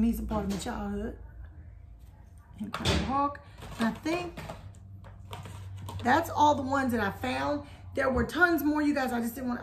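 A woman hosting a casual haul vlog, chatting to viewers and calling them y'all. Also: on the high side. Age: adult. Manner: chatty, addresses viewers as y'all, hums theme tunes. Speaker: haul video host.

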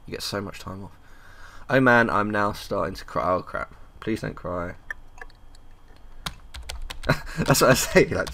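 A man's voice: on the low side, measured pace, creaky, pauses often, bright, forceful tone, a little hiss or hum. A young man commentating a game playthrough, reading chat messages aloud and laughing often. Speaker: gaming video host. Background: keyboard typing clicks.

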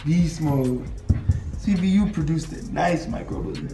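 A man's voice: a little high, measured pace, over music. A young man vlogging casually at home, talking playfully and dotingly to a new puppy. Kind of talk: casual vlog chat.

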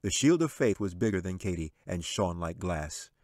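Author reading his own fantasy book aloud, low voice, dry close sound. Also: no echo. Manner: measured, expressive storytelling. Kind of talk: audiobook narration.

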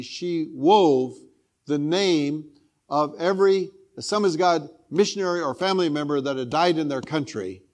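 A man's voice: medium pitch, darkish tone. Older man preaching an earnest sermon. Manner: earnest personal storytelling. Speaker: guest preacher.

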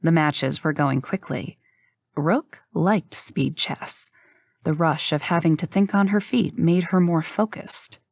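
A woman narrating an audiobook in a measured, even storytelling manner. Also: low voice, no room sound.

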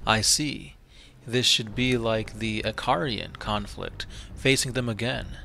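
A man's voice: lowish voice, fairly even intonation, slow, creaky, bright, forceful tone, a little hiss or hum, heavily acted. A man reading the part of a weary veteran captain with a wry, resigned manner. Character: weary veteran male captain, old comrade.

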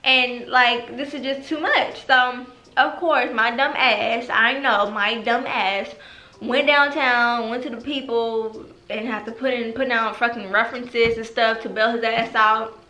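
Speaking a little slowly in a slightly high voice, a young woman shares a storytime vlog, her words echoing in a room with music playing. She's animated and profane, leaning on plenty of fillers.

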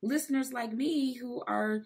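A woman's voice: fairly high pitch, measured pace, breathy edge. A woman podcast host asking rambling, chatty questions in a conversational interview.

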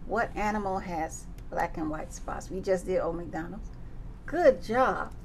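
A woman's voice: on the low side, a little slow, slight background noise. A woman teaching circle time to young children, singing nursery songs and reading a picture book with playful animal sounds. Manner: playful, sing-song, animal sounds and big exclamations.

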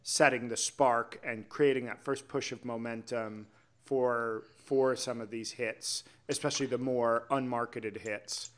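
A man's voice: medium pitch, steady tone, measured pace. A man hosting a podcast, chatting casually and agreeably while building on his guest's points. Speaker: podcast host.

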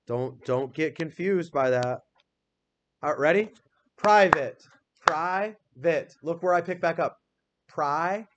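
Man teaching spelling, slightly high voice. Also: slow pace, a bit bright, lo-fi sound, slight background noise. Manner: patient, spells words out letter by letter. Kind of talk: classroom phonics lesson. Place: classroom.

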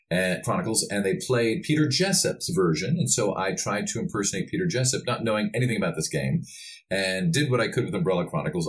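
A man, a voice actor, talking casually as a podcast guest, a laid-back storyteller who chuckles often. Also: on the low side.

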